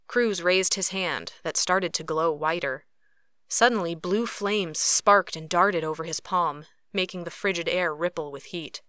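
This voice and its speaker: A woman narrating a first-person novel as an audiobook, with expressive, lively reading. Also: lowish voice, a little slow, smooth, dry recording, studio quality.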